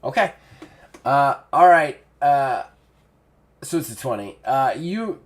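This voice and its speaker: Running a tabletop game, this game master rambles through his narration with lots of fillers and restarts, dropping into character voices quickly. He has a mid-range voice that swings widely in pitch.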